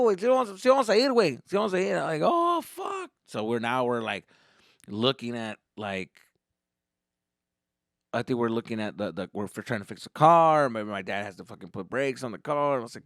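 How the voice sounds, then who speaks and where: A man hosting a podcast, telling a comic family story in a profane, rambling, animated way. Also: medium pitch, no room sound, clean studio sound. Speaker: comedian podcast host. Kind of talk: comedic storytelling.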